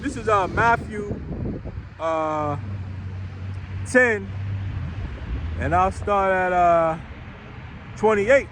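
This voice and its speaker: High-voiced rough-talking street preacher man. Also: very slow, long pauses, a bit bright, a little hiss or hum. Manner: blunt, rough-spoken, drives points with "right?" and "man". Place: outdoors on a city street.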